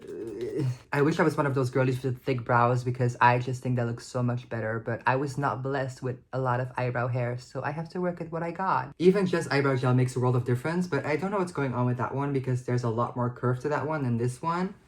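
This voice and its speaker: A woman's voice: a bass voice, a little fast. A young woman in her twenties chatting casually to the camera in a vlog, self-deprecating and full of filler likes. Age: 20s. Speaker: vlogger.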